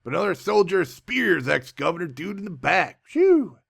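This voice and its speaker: Male comic movie reviewer, very gravelly, slightly high, sarcastic and deadpan. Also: normal speed.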